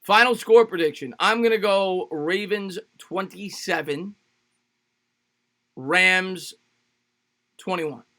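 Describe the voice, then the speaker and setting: A man with a high, bright, forceful voice calls a football game live for his stream. He fires off the action in short bursts, then greets viewers by name and jokes loosely between downs. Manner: rapid play-by-play calls, greets chatters by name; jokey and loose, repeats phrases. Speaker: livestream sports host. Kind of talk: live play-by-play commentary and chat reading.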